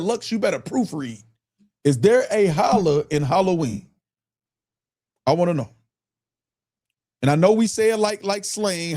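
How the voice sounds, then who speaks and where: An animated man with a Michigan accent hosts a live stream, reading the chat aloud and laughing often. His voice sits high for a man, and he asks the same question over and over in loose, casual commentary. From Michigan, US Midwest.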